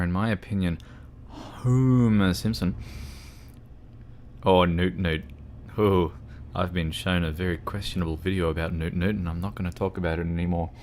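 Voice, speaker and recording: A young man chatting with his livestream viewers while playing a game, rambling and often restarting his sentences. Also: low voice. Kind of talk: casual chat with livestream viewers while gaming.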